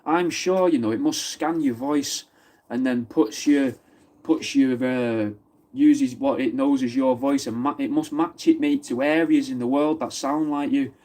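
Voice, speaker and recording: Speaking a little slowly in a mellow, mid-range voice with fairly even intonation, a Mancunian man from Wythenshawe hosts a live stream. He responds to viewer comments casually and swears without restraint.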